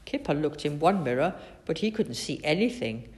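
A woman's voice: sits low, moderate pace. Woman reading a children's story aloud. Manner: expressive, animated storytelling. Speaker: narrator.

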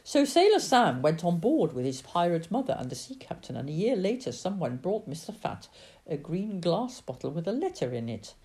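A woman's voice: lowish voice, big pitch swings, moderate pace, dark tone. Sing-song woman reading a storybook.

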